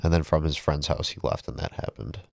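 A man's voice: rumbling low, fairly even intonation, fairly quick, gravelly, a little mellow. A man co-hosting a podcast, chatting casually and reading out news details with filler words. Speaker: podcast co-host. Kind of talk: casual chat.

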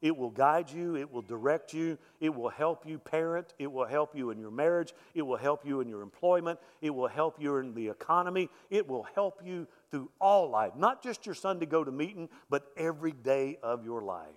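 This middle-aged pastor's fairly high voice has lively intonation and a moderate pace, with hardly any pauses. He preaches conversationally in a church sanctuary, frequently repeating words, and the recording echoes around the hall.

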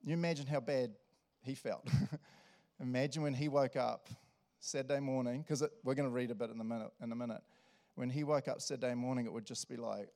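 A man preaching a sermon, animated and laughing often. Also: mid-range voice, a little fast. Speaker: pastor.

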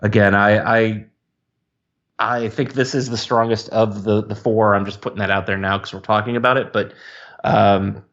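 A man talking casually as a podcast co-host, often stammering as he hunts for the right words. His voice sits on the low side and comes through dull, lo-fi audio. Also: steady tone, moderate pace, a bit bright. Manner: hesitant, stammering, searching for words. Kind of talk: casual film discussion.

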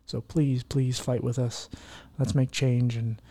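A man's voice: mid-range voice, level tone, slow, mellow. A man hosting a podcast in casual chat, talking in an earnest, heartfelt, rambling way. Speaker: podcast host.

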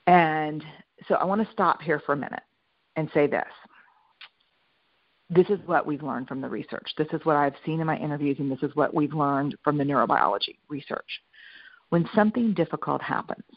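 Middle-aged woman, keynote speaker; lively, repeats her points, slightly muffled dry sound. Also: sits low, moderate pace, no room sound. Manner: lively storyteller, stresses points by repeating them. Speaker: speaker and researcher. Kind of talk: storytelling keynote talk.

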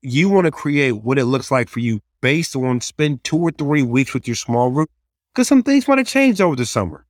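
A man's voice: medium pitch, very animated, normal speed, no echo, clean studio sound. Earnest man giving practical ministry advice. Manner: earnest, practical, acts out quoted prayers and kids. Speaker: youth ministry leader. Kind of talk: casual podcast advice.

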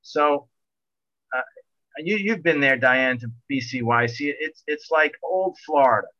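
A middle-aged man spins a sailing tale in a loose, animated way, stumbling and restarting as he goes. His voice is bright and forceful. The recording is dry and slightly dull. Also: on the high side, unhurried, no room sound. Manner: rambling, animated, with many restarts. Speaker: guest telling a sailing story. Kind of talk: casual storytelling.

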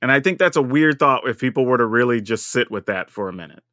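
Male podcast co-host, mid pitch, dry close mic, lively musing delivery. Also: fast talker, dry recording. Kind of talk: casual chat.

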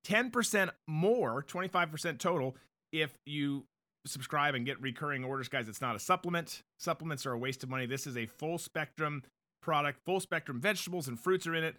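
A man's voice: a little high, brisk, sharp tone. A man hosting a live online talk show, chatting casually, joking, reading out viewer comments and ad reads. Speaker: host of a live political show.

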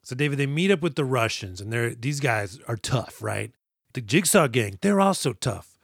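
A man's voice: medium pitch, expressive, normal speed, creaky, slight background noise. A man co-hosting a movie podcast, chatting casually and sarcastically, swearing and acting out lines from the film. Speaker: podcast co-host. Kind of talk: casual movie-review chat.

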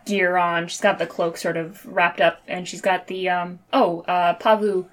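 A woman playing in a tabletop game, describing her character in a relaxed, halting way. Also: lowish voice. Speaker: player.

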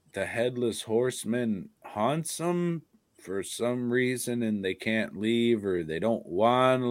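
A man's voice: medium pitch, no echo, clean studio sound. A man co-hosting a podcast in crude, profane, joking casual chat. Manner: profane, joking, puts on silly voices. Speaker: podcast co-host.

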